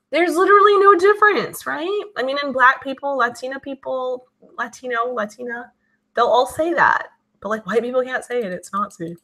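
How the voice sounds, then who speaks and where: A woman hosting her channel, chatting casually and reading out viewer comments in a lively, talkative way. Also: high voice, normal speed. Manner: chatty, animated, many fillers. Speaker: channel host.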